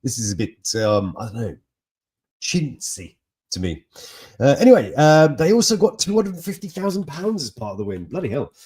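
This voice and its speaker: Husky, animated host. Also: male voice, mid-range voice, moderate pace. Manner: chatty, jokey, laughing asides. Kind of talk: casual news chat.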